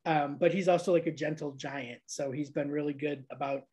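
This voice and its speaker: A woman originally from Niagara Falls in upstate New York hosts a laid-back podcast interview from her home abroad, where her cats keep her company. She talks a little fast in a low, dark, steady voice with a breathy edge, chatty, full of fillers, and laughing a lot.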